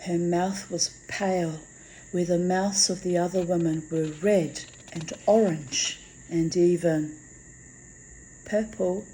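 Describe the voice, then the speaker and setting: A woman reads a fantasy story aloud. Her delivery is slow and measured. Her voice is mellow and relaxed. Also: on the low side, a little hiss or hum, rough recording. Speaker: reader. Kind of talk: storybook reading.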